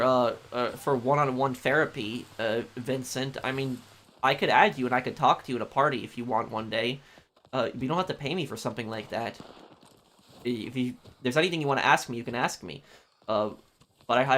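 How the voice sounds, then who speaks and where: There's a little hiss or hum behind this man's brisk, mid-range voice, which is fairly bright. Streaming a game in a laid-back chat, he reads out viewer messages and thanks people one after another, again and again.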